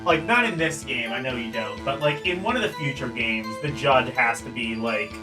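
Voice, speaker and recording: A woman with a low voice chats casually as she plays a game on stream. Her pitch swings widely as she talks. Game music plays clearly behind her. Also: animated, normal speed, distant mic. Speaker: let's play host.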